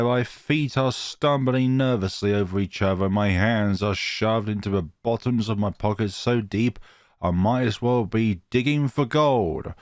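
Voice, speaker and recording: A man's voice: lowish voice, no echo, clean studio sound. A man reading a horror visual novel aloud as a let's player, playful, often tripping over words and correcting himself.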